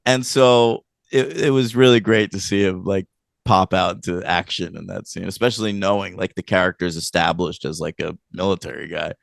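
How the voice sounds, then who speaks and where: A man co-hosting a casual film review podcast, rambling and animated as he retells scenes, with lots of fillers. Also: low-pitched, moderate pace, gravelly, no room sound, studio quality. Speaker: podcast co-host.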